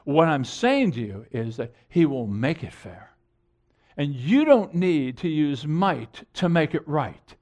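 A man's voice: on the high side, big pitch swings, slow pace, darkish tone. A middle-aged man preaching a sermon in an earnest, emphatic way, repeating phrases and restarting sentences. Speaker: pastor.

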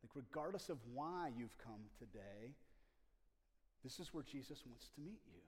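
A man delivers a sermon from the pulpit, his mid-range voice climbing to loud, passionate peaks and then dropping to near-whispers. A long reverb from the church space trails behind every phrase. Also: medium pitch, normal speed. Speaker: pastor. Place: church sanctuary. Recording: long reverb of a large room.

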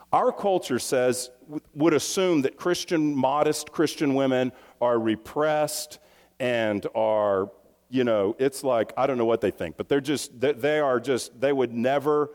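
A man's voice: mid-range voice, a little mellow. A man preaching a sermon in a loose, conversational way, often restarting phrases and breaking into asides. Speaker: pastor. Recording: long hall reverb.

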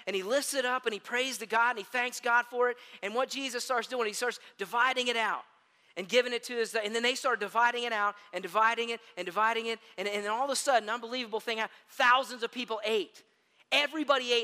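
Bright, high-voiced preacher in a reverberant hall. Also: male voice, fast. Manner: animated storytelling with self-deprecating humor. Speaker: pastor. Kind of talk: sermon. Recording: long reverb of a large hall.

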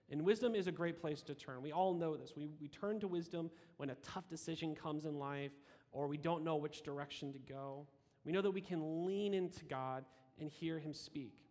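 A man's voice: a little high, a little mellow. A man giving a sermon, reading scripture aloud and adding casual asides, with frequent restarts. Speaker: preacher. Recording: long hall reverb.

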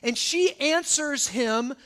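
Bright, high-voiced male preacher. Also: takes it slowly. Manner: conversational, peppers points with "right?" and "okay?". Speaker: pastor. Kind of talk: sermon.

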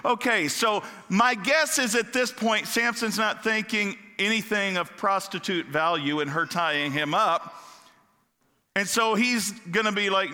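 Man, Bible teacher, casual joking delivery, fairly high voice, long hall reverb. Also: a little slow, bright, forceful tone. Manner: casual, joking, stumbles over words.

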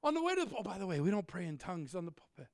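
A middle-aged man preaching a humorous sermon, animated and joking, swinging from shouts to quiet asides. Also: high-pitched, rapid-fire, gravelly, no room sound, studio quality. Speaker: pastor.

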